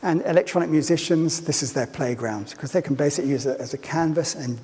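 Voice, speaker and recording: In a lecture hall with reverb and faint ambience, a man with a fairly high voice talks fast over loud background music. His public lecture is playful, and he likes to put questions to his audience.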